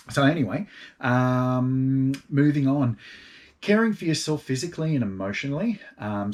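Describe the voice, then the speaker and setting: A middle-aged man with a fairly low voice gives a casual spoken talk on gratitude in the manner of a yoga teacher. His delivery is relaxed and meandering, drifting through many ums and uhs.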